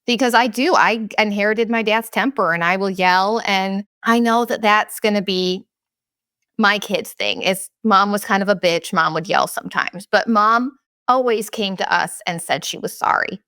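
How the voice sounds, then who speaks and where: A woman's voice: medium pitch, moderate pace, sharp tone, no room sound. Woman, thirties, podcast host, blunt and profane, confessional casual talk, dry close sound. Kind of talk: candid casual monologue.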